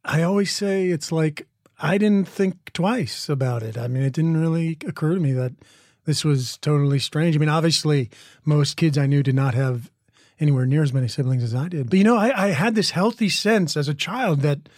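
Middle-aged man, rambling relaxed storyteller. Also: fairly high pitch, normal speed, no room sound, studio quality. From American Midwest. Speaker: interview guest, actor. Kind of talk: casual interview chat.

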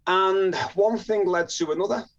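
Podcast guest, man from northern England, animated raconteur, slightly high voice, lo-fi muffled sound. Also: normal speed. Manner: lively storyteller, acting out quotes. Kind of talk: storytelling interview.

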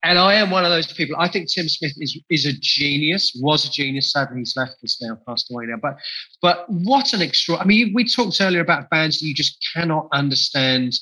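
A musician guest on a podcast, this man speaks with enthusiasm and reflection in an interview conversation, often restarting his phrases. His voice is fairly high with lively intonation, his delivery brisk and sharp in tone, and the recording is rough.

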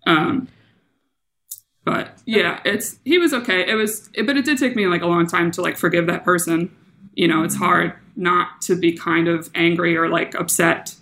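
A woman comedian as a podcast guest, candidly retelling a personal story with animated, laughing delivery. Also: fairly low pitch, moderate pace. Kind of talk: casual storytelling.

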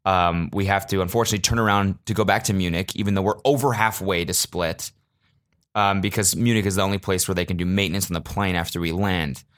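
A man voicing a calm airline pilot making a flat, matter-of-fact cabin announcement. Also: low voice, quick pace.

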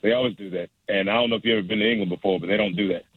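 A man's voice: lowish voice, very fast, slightly rough, dry recording. A young adult man, a stand-up comedian, chatting casually and rambling with many restarts and laughs. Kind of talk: casual phone interview. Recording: dry phone line.

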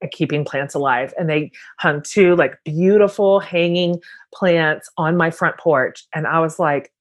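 A woman hosts a podcast interview, chatty and enthusiastic as she puts her questions to a guest. Her voice sits a little lower than most. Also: measured pace. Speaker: podcast host. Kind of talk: casual interview.

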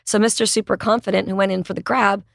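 Gravelly-voiced woman telling a dating story. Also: mid-range voice, fast talker, no echo, clean studio sound. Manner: animated storyteller, acts out quoted dialogue. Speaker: podcast guest. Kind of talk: casual storytelling chat.

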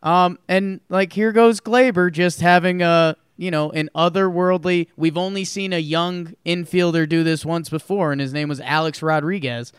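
A man's voice: fairly high pitch, fairly even intonation, normal speed, few pauses, smooth, no room sound, studio quality. A man co-hosting a podcast in casual sports chat, emphatic and talking in long run-on sentences. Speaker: podcast co-host.

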